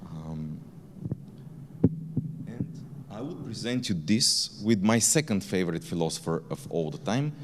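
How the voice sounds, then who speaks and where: A man's voice: low voice, expressive, a little slow, pauses often. A man, a company founder, giving a candid keynote talk in a conference hall, with blunt language. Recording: reverberant conference hall, faint ambience.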